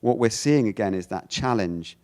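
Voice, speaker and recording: A man delivers a theology lecture in a loose, conversational manner. His voice sits low but rises and falls a great deal. He often stumbles over repeated words and fills his sentences with "you know". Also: animated, normal speed, darkish tone. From United Kingdom. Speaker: guest lecturer.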